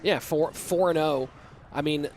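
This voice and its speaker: A man casting a live esports match in a relaxed, chatty play-by-play manner. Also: a little high, a little slow. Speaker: esports caster.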